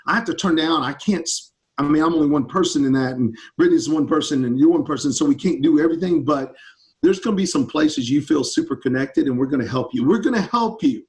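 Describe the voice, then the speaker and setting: A man's voice: fairly high pitch, quick pace, darkish tone. A man, a campus ministry pastor answering students' questions in an enthusiastic, upbeat casual chat over a video call.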